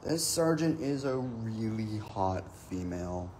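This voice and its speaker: Slow, profane man telling a story. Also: fairly low pitch, animated, darkish tone, a little hiss or hum. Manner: profane, rambling anecdote. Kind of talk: casual comic storytelling.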